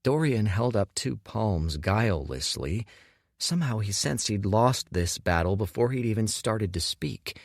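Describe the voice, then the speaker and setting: Slow, low-voiced male narrator. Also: animated, creaky, dry recording, studio quality. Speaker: audiobook narrator. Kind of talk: scripted narration.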